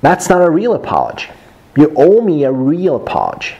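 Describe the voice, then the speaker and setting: A man's voice: a little high, wildly swooping pitch, brisk, mellow, breathy edge, dull audio, pitched above the performer's own voice, heavily acted. A man reading aloud the lines of a hurt woman who wants an apology, as if reading from a textbook dialogue. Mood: offended.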